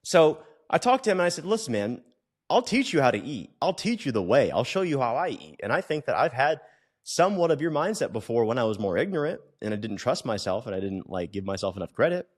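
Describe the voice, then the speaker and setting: A man's voice: mid-range voice, a little fast. A man hosting a podcast, telling a story in a casual monologue, joking, profane and acting out the people he quotes. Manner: animated, acts out the people he quotes. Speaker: podcast host and personal trainer.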